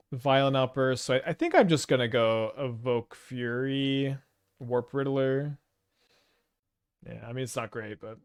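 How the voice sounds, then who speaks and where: A man with a Canadian accent giving casual, rambling game commentary, thinking aloud with hesitant restarts. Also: mid-range voice. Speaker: gameplay commentator.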